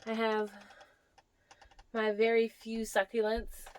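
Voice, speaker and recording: A woman's voice: on the high side, monotone, takes it slowly, a little hiss or hum. A young woman giving a casual tour of her houseplants, chatting fondly to them and sometimes dropping to a near whisper. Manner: drops to a near whisper at times. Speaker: plant vlogger. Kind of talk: casual plant tour vlog.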